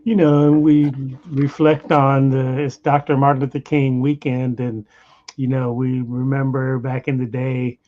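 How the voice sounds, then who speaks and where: A man hosting an interview in a relaxed conversational way, often saying "you know". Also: mid-range voice, measured pace. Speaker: host. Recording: dull lo-fi sound.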